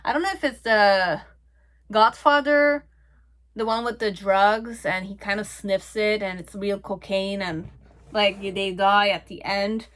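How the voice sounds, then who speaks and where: A woman's voice: medium pitch, fairly even intonation, unhurried, a bit bright. A young adult woman giving a casual pick-a-card tarot reading, rambling and chatty, often checking in with "okay?" and "like". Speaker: tarot reader.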